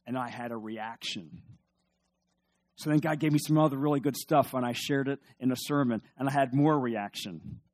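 A man preaching a sermon as pastor, telling stories and asking the congregation questions, moving between soft, quiet passages and loud emphatic ones. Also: medium pitch, no room sound. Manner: storytelling, swings from hushed to emphatic, asks the audience questions.

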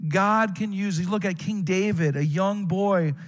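A pastor delivers a sermon in a somewhat high male voice. He speaks earnestly to his congregation and often repeats a word as he restarts a phrase. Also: measured pace, big-room sound. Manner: earnest preaching to students and adults, frequent stammered restarts.

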